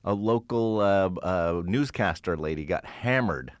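A man's voice: deep voice, animated, a little slow, no echo, clean studio sound. A man guesting on a comedy podcast, easygoing and trailing off as he talks. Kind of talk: casual chat.

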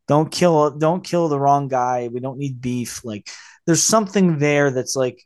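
A man's voice: medium pitch, measured pace. A man co-hosting a film podcast, talking in a loose, rambling way with many fillers and acted-out quotes. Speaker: podcast co-host. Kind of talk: casual film discussion.

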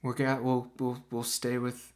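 A man's voice: mid-range voice, monotone, measured pace, lightly acted. A man playing a protective older woman. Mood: earnest. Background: background music.

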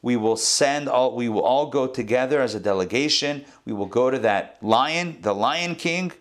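A man telling a parable to a class in an animated storytelling sermon, acting out the animals' voices. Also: mid-range voice, moderate pace. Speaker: rabbi teaching a class.

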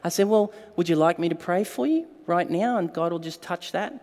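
High-voiced pastor in a reverberant hall. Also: male voice, fairly quick. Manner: animated storytelling with acted-out quotes. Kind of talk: sermon.

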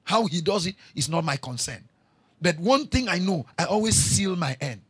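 Man, pastor, sermon, husky voice, dry close sound. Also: sits high, lively intonation, moderate pace, no room sound. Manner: repetitive preaching, swings from quiet storytelling to shouting.

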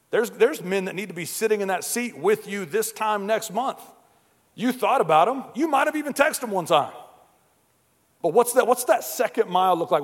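A man preaching a sermon at a men's breakfast, energetic and exhorting, often repeating words as he starts a phrase. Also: on the high side, in a large hall.

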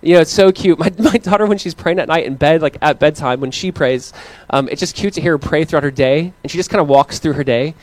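Male pastor, 30s, conversational sermon, animated storyteller, slightly high voice, dry close mic. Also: fast talker, hardly any pauses, dry recording.

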